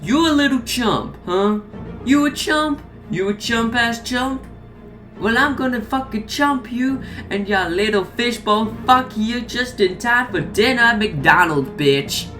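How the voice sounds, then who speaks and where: A woman's voice: on the high side, animated, unhurried, fairly bright tone, soft background music, pitched above the performer's own voice. A woman voicing a crude, brash male moon-headed burger mascot who trash-talks and screams profanities. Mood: taunting shouts.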